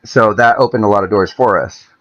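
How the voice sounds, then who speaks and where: A man's voice: lowish voice, a little fast, a bit bright, lo-fi sound. A young man from California telling a long story casually on a podcast, swearing freely and acting out the people he quotes. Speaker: podcast guest.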